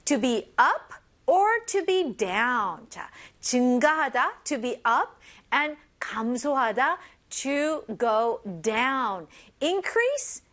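A woman's voice: high-pitched, sing-song, measured pace, a bit bright. A young woman teaching an English lesson, explaining phrases and switching between English and Korean. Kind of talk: bilingual language lesson.

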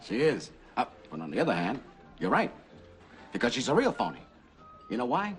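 A man's voice: medium pitch, wildly swooping pitch, fairly quick, faint music behind. An actor playing a brash, chummy, middle-aged male talent agent who rambles and calls everyone baby, in film dialogue. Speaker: Hollywood agent character.

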